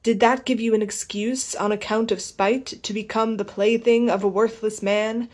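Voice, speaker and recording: A woman's voice: mid-range voice, fairly even intonation, moderate pace, close to an everyday voice. A woman reading as a harsh, growling husband. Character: stern accusing husband, a man.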